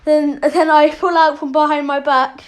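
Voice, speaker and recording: A woman's voice: sits high, flat delivery, moderate pace. A woman casually telling a made-up story as a channel host, rambling and correcting herself often. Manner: rambling, with many fillers and self-corrections.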